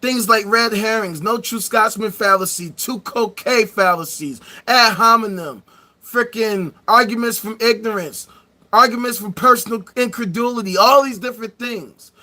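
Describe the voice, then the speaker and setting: Guy on his live stream ranting, swearing, mocking, voice up high and bright, yelling sometimes. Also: normal speed. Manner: animated, profane, mocking, with sudden shouting. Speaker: streamer hosting a live debate show. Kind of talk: heated live-stream rant.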